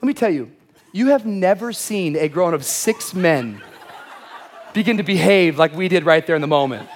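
A young man preaching a lively sermon to a church crowd, telling a funny story and acting out shouted lines. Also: fairly high pitch, moderate pace, slight background noise. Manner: lively, animated, acts out shouted quotes. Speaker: pastor. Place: large church auditorium.

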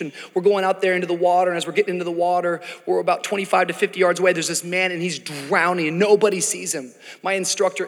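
A pastor preaching a sermon to his church, dramatic and building to shouts. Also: sits high, in a large hall. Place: large church hall.

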